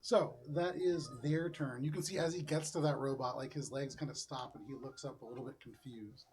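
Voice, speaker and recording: A man running a tabletop game as game master, narrating casually with frequent throat-clearing and fillers. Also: medium pitch, fairly even intonation, brisk, darkish tone.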